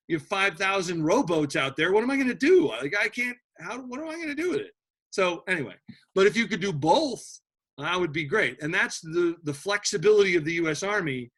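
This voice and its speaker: Quick asides and jokes fill this informal history lecture by a spirited male teacher. He often begins sentences again partway through. His voice is bright and higher than typical for a man.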